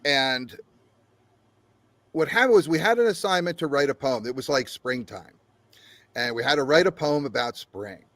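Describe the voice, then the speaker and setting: A man's voice: medium pitch, normal speed, pauses often, no echo. An older man, a game developer guest, telling a long story in an interview with frequent laughs and acted-out quotes. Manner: animated storyteller, laughs often, acts out quotes.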